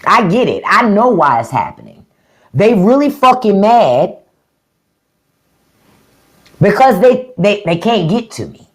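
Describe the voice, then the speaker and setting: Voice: medium pitch, big pitch swings, a little slow, pauses often. A livestream host giving a blunt, profane, mocking rant to viewers. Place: livestream at home.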